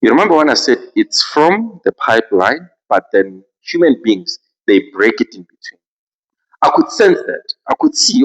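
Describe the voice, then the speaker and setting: A man with a South African accent, hosting a podcast and telling a story in a casual, expressive way. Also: mid-range voice, moderate pace, lo-fi sound. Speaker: podcast host.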